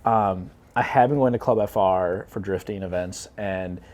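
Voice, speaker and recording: Relaxed young man, rambling podcast talk. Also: sits low, moderate pace. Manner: relaxed, rambling, swears casually. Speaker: co-founder and podcast co-host. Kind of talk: casual podcast chat.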